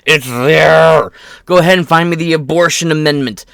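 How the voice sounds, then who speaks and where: A man rants in a crude, combative way, swearing freely and mocking his opponents. His voice sits somewhat high, and it is recorded dry and close, with no room sound around it. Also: normal speed, gravelly, fairly bright tone, smooth, dry recording. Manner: reads quotes aloud, mocks opponents in put-on voices. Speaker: political commentary host. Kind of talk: profane ranting commentary.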